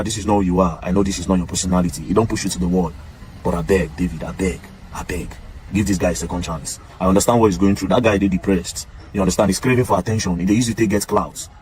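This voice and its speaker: A man's voice: fairly low pitch, darkish tone, slightly rough. A man with a Nigerian Pidgin English accent, talking straight to camera and pleading emphatically in pidgin. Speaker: social media commentator. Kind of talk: casual monologue to camera.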